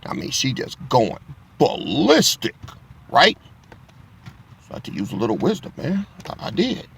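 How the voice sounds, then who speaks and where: A middle-aged man teaches a casual Bible lesson through a rambling, profane story. His voice has a gravelly, fry-heavy edge and a mid pitch. Faint noise sits behind him. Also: wildly swooping pitch, normal speed, fairly bright tone. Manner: profane, laughing, street-talk storytelling.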